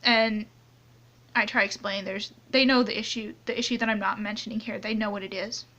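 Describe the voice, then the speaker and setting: A young woman talking tearfully into her phone in an anonymous confessional vlog, halting and trailing off as she goes. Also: medium pitch, fairly even intonation, pushed and bright. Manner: halting, many restarts and trailing off. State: tearful, crying on and off. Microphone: phone camera close up, only a hand in frame. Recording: dull lo-fi phone audio.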